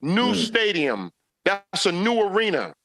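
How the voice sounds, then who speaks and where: Male sports podcast co-host, rants, dry close sound, very lively pitch. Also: measured pace, dry recording. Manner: ranting, mocks players in quoted voices. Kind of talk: animated sports debate.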